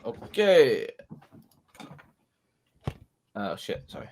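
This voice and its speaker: Male co-host, animated voice, joking banter. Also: mid-range voice, slow pace, long pauses, a little hiss or hum. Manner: playful, laughs often, mimics voices. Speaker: music review show co-host. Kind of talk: casual banter.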